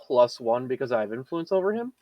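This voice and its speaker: A man playing a tabletop game who explains his moves in a hesitant, halting way. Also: medium pitch, sing-song, no echo, muffled recording. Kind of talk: casual tabletop game chat.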